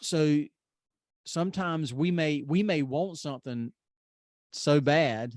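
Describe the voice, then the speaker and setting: A man's voice: fairly high pitch, slow pace, a little mellow, dry recording, studio quality. A man co-hosting a casual scripture discussion, talking hesitantly with many fillers. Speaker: podcast co-host.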